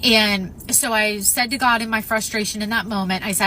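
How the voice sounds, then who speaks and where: Woman, personal testimony, bright and clear, emphatic, a faint hiss behind her. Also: mid-range voice, fairly even intonation, normal speed. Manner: earnest, emphatic, with frequent "um" and "if you will". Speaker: storyteller sharing a near-death experience.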